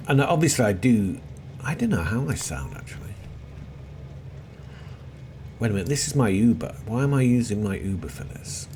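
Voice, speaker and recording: A middle-aged man with a lowish voice rambles through his gameplay commentary, swinging his pitch up and down as he jokes at his own expense. He often drops into quiet muttering to himself, and a clear hum of outdoor noise with seagulls sits behind him. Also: sing-song, moderate pace, pauses often. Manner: chatty, self-deprecating, mutters to himself while playing. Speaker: let's play host. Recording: noisy background with seagulls.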